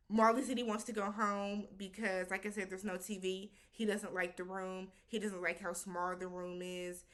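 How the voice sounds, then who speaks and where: A woman's voice: mid-range voice, a bit bright. A woman hosting a casual reality-show recap, talking animatedly, slipping into quoted voices and slang.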